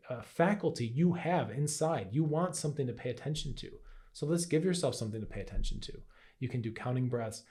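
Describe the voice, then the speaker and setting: Mellow-voiced man teaching casually. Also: mid-range voice. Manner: conversational, keeps asking "right?"; acts out playful inner voices. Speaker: health and Qigong teacher. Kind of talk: casual teaching talk to camera.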